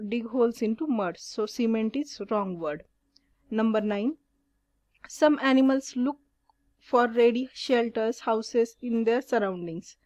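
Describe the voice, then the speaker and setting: A woman teacher works through a school exercise, reading each question and then its answer. She speaks slowly, in a somewhat high voice. The sound is dry and close, with no room around it. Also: a little mellow, no room sound.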